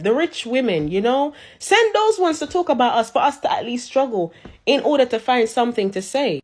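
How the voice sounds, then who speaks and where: A woman roasts her critics straight to camera in streetwise slang. Her fairly high voice stays mocking and cutting throughout. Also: darkish tone. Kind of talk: ranting to camera.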